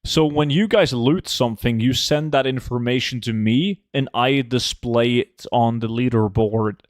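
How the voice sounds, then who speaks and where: A man's voice: medium pitch, unhurried, no room sound, clean studio sound. A young man from Norway chatting casually with friends while gaming, joking and swearing as he rambles. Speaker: streamer.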